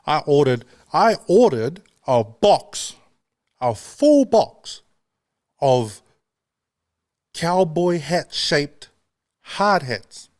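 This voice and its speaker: A male radio host chats casually and pokes fun at himself, often breaking into laughter. His voice sits at an ordinary middle pitch. The studio sound is dry and close. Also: a little mellow, dry recording. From not London. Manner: chatty, self-mocking, laughs often. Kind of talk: casual chat.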